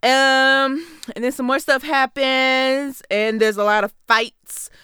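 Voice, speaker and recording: A young woman with a high, steady, sharp voice speaks slowly in a clean, echo-free studio recording. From her basement home studio, she hosts a casual comedic film review podcast, sassy and playful, with sudden whooping outbursts.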